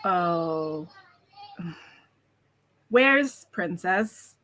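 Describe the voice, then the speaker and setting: A woman's voice: fairly low pitch, drawn-out words. A woman running a live tabletop role-play game as game master, telling the scene with lots of fillers. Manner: lively storytelling with many fillers.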